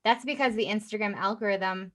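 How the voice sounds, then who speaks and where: A woman guest explaining her work in an interview, in a steady, patient way with frequent fillers. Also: medium pitch, a little fast. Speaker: guest, personal brand specialist.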